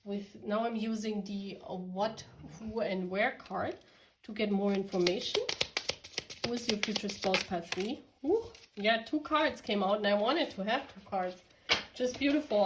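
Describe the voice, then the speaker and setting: A woman's voice: mid-range voice, normal speed, very noisy. A woman from Germany giving a casual tarot reading, chatty and giggly, talking straight to her viewers. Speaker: tarot reader.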